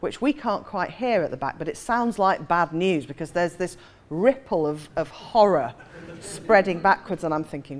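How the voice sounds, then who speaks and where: A woman's voice: fairly low pitch, expressive, normal speed, few pauses. A woman in her forties, an author, telling a self-mocking anecdote with frequent laughter. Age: 40s. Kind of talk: anecdotal storytelling.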